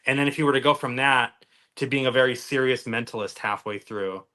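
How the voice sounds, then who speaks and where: Bright-voiced man rambling casually. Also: mid-range voice, brisk. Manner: rambling, filler-heavy, trails off into mumbles. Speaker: magician podcast co-host. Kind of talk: casual chat.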